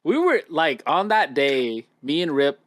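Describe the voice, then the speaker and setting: A man on a casual gaming podcast, telling stories excitedly and acting out what people said. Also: fairly high pitch, measured pace, no echo, clean studio sound. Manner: excitable storytelling, acting out quotes. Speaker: podcast co-host.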